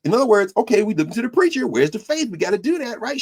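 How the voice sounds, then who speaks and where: A man hosting a podcast as a teacher, lecturing in a preacherly, animated way. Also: high voice, rapid-fire, hardly any pauses. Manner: preacherly, animated, mixing quotes and asides. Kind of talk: lecture-style commentary.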